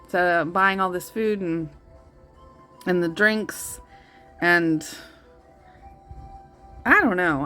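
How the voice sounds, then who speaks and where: A woman's voice: fairly low pitch, slow, long pauses, sharp tone, faint music behind. A woman in her thirties hosting a casual vlog, rambling with many fillers and restarts, gushing and easily moved. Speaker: tarot channel host. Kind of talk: casual coloring-and-chat vlog.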